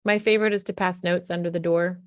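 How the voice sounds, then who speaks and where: Speaking to camera with conversational emphasis, a woman parenting coach offers casual advice and plays out lines a parent could say to a child. Her voice is on the low side, fairly even, and quick, in studio quality with no room sound.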